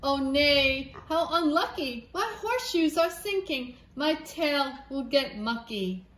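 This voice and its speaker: A fussy storybook farm horse frets aloud, as a woman plays him. The voice is a touch raised and the delivery is unhurried, with a roomy echo around it. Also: sits high, expressive, a bit bright, exaggerated voice. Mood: fretful. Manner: fretful and fussy. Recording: echoey room.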